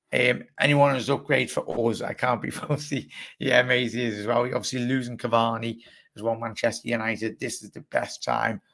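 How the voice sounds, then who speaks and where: A young Scouse man with a groggy, hoarse voice, hosting a casual live football chat and answering viewers as he rambles. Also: mid-range voice, a bit bright. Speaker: livestream host.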